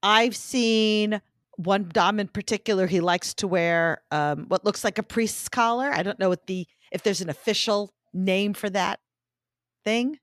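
A woman's voice: mid-range voice, a little slow, no echo. A woman co-hosting a podcast, chatting casually with dry jokes. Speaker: podcast co-host. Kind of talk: casual chat.

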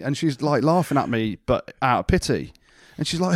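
A man's voice: mid-range voice, very animated, fairly quick, no room sound, studio quality. A man co-hosting a podcast in casual chat, telling cheeky anecdotes with animation. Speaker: podcast co-host.

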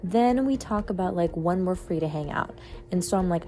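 A woman's voice: lowish voice, normal speed, soft background music. A young woman telling a dating story in casual talk, exasperated and swearing. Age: young adult. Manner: exasperated, swearing, animated retelling. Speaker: podcast host.

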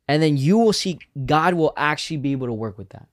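A man's voice: fairly high pitch, expressive. A young man co-hosting a casual faith podcast, speaking earnestly and reflectively. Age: young adult. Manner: earnest, reflective, quick to affirm. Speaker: podcast co-host.

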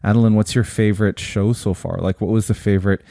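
A man co-hosting a casual family chat, easygoing and quick to laugh. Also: lowish voice, fairly even intonation, gravelly, dark tone, no room sound, clean studio sound. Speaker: podcast co-host and father.

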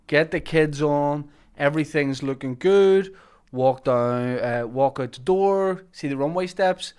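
A man hosting a podcast, telling animated stories in casual chat. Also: medium pitch, smooth. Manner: animated storyteller, acts out overheard voices. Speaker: podcast host.

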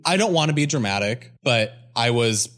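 A young man co-hosting a casual podcast, his pitch leaping up and down as he tells a story. He peppers his talk with "like" and keeps breaking into laughter. He sounds chatty and expressive throughout. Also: moderate pace. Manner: animated storytelling, frequent "like", bursts into laughter. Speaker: podcast co-host. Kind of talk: casual chat.

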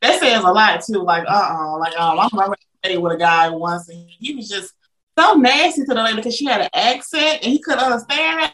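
A woman's voice: medium pitch, lively intonation, brisk, fairly bright tone, rough recording. A woman hosting a casual interview, bubbly, exclamatory and teasing. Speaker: interview host.

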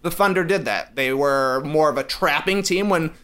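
A man's voice: fairly high pitch, normal speed, smooth. A man on a sports panel, arguing animatedly and emphatically about basketball. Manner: animated, emphatic, rising to shouts. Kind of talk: excited basketball debate.

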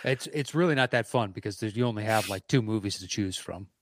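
A man's voice: fairly low pitch, fast, a little hiss or hum. A man co-hosting a podcast, teasing and sarcastic in casual movie chat, swearing freely. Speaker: podcast co-host.

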